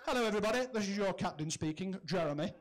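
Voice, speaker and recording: A man's voice: high-pitched, expressive, very fast. A man doing a smug, cocky airline captain making a cabin announcement, all self-assured.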